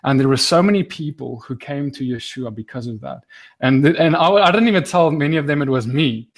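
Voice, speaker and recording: Man, middle pitch, earnest guest recounting a story, halting with many restarts. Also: lively intonation. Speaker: guest sharing a testimony. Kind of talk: casual storytelling.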